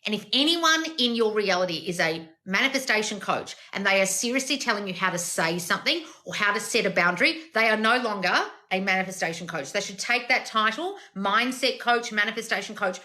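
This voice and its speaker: Brash, bright-voiced woman coach. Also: medium pitch, lively intonation, normal speed. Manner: brash, swearing, lecturing. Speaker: manifestation coach. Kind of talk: blunt advice monologue.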